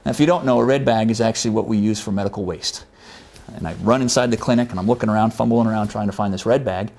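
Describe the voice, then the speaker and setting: A man's voice: medium pitch, rapid-fire, darkish tone. A man, a former military medic, earnestly telling a first-person war story in a conversational way. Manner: earnest, conversational, acts out quoted voices.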